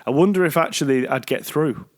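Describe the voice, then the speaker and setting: A man's voice: fairly high pitch, a little fast. A man with a Manchester accent co-hosting a podcast in casual chat. He muses aloud and repeats words as he works out his thoughts. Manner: musing, repeats words as he thinks. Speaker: podcast co-host.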